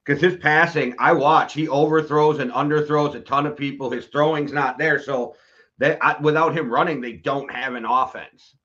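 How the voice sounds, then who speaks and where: A man's voice: fairly high pitch, fairly even intonation, moderate pace, a bit bright, lo-fi sound. A man from the United States co-hosting a casual sports podcast, dry and wisecracking. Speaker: podcast co-host.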